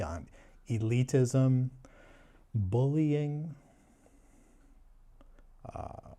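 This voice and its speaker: A man speaking slowly in a dark, mellow voice, sarcastic and mock-serious as he talks about books. His delivery stays deadpan and unhurried throughout. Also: medium pitch. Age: adult. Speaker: booktuber. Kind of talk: sarcastic book review.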